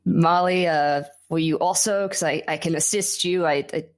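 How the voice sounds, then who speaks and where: Low-voiced woman gaming player. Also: steady tone, normal speed. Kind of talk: tabletop game play.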